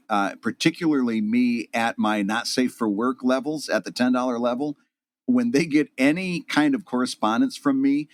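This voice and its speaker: A man co-hosting a podcast in casual chat, joking and laughing often. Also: medium pitch. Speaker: podcast co-host.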